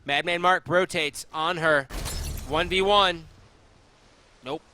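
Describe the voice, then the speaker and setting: A man doing live color commentary on an esports match, laid-back in banter and loud with hype in fights. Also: on the high side, fairly even intonation, slow, a little hiss or hum. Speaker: esports co-caster.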